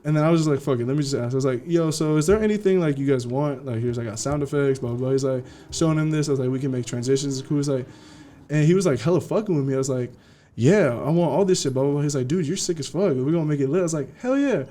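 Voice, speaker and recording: A young man from California, a DJ guest telling his story in a casual interview, slangy and animated, acting out what people said. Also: on the high side, racing. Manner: slangy, animated, acts out quotes.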